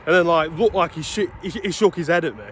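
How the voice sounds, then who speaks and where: Out walking along a street, a young British man in his twenties rants and swears through exasperated stories for his casual vlog. He talks fast in a higher voice over a noisy background.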